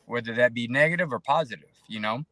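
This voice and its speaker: A man in casual podcast conversation as a guest, talking in an animated, preachy way and acting out quoted voices. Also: medium pitch, quick pace.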